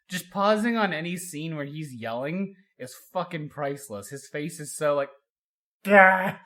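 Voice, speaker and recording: Young guy on a podcast, rambly animated storytelling, slightly high voice, laughs a lot. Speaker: podcast co-host. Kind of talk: casual chat.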